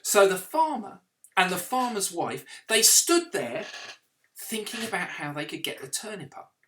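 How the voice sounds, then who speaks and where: A man's voice: sits high, a little slow, a little hiss or hum. Vicar guy reading a kids story, voice jumping all over, barks and meows for the kids. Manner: lively, with sound effects and questions to the children. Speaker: vicar telling a children's story. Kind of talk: animated storytelling for children.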